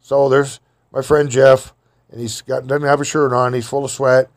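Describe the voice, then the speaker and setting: A man's voice: mid-range voice, flat delivery, moderate pace. A man telling rambling, folksy stories from his past in casual, loose grammar. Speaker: storyteller. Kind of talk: rambling personal storytelling.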